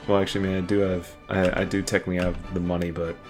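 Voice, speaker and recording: Deep-voiced man rambling about games. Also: flat delivery, very fast, music in the background. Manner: rambling, laughs often, swears casually. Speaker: podcast co-host. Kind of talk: casual gaming chat.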